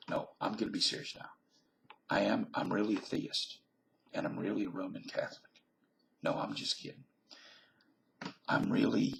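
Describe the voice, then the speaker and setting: A man's voice: on the low side, a bit bright. A man from Virginia in a rambling comic monologue to camera. He keeps making claims, then says he was just kidding. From Virginia, USA. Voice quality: very gravelly, husky voice that often drops to a breathy near-whisper. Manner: jokey, contradicts himself and then says he is kidding. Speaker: vlogger.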